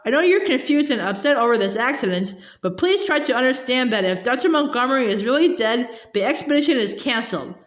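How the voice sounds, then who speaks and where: A woman's voice: fairly high pitch, animated, fairly quick, hardly any pauses, echoey room, close to an everyday voice. Mister Poe, a woman reading as a fussy stern man. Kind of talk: reading a storybook aloud.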